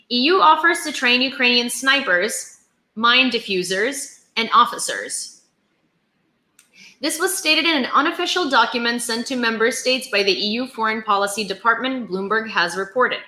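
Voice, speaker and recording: A woman's voice: fairly high pitch, bright, forceful tone, echoey room. A woman vlogger reading daily war news updates from notes, stumbling now and then over place names.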